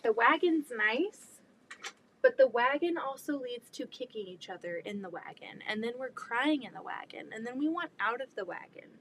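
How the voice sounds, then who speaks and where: Chatty mom talking while she sews, kinda high voice, rambles a lot, bit of faint hiss behind. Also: moderate pace. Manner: chatty, rambling, quotes people in a high excited voice. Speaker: quilting vlogger and mother. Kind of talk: casual chat while sewing. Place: home sewing room.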